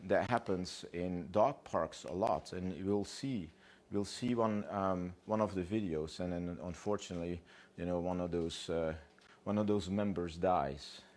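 A man with a very low voice gives a lecture on dog behavior. He talks loosely and animatedly, slips into quick voices for what the dogs are thinking, and checks in with his listeners with a steady "yeah?" and "you know.". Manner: animated, acts out dogs' thoughts in quick voices, swears casually. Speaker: dog trainer.

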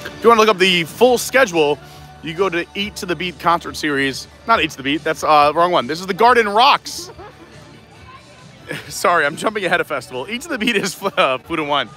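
Live-stream host, man, high and bright, chatty with a quick laugh, out walking the park. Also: expressive, faint music behind. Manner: chatty, laughs often, walking while talking. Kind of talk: casual live-stream vlog chat. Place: outdoors at a theme park.

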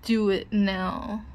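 A woman's voice: a little high, creaky, a little mellow, a little hiss or hum. A woman playing a cruel young bully in a whispered role-play, taunting and bossing the listener with mocking laughs. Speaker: audio role-play performer.

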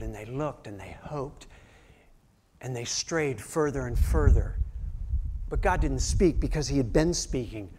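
A male pastor preaching a sermon, telling stories animatedly and acting out quotes, swinging from loud outbursts to hushed near-whispers. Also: mid-range voice, lively intonation, measured pace, long pauses, background noise.

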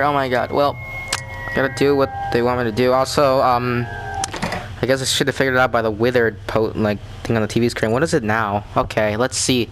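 Excitable man doing game commentary. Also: medium pitch, brisk, a little hiss or hum. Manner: excitable, jumpy reactions and rambling asides. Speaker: gamer. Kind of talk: let's play commentary.

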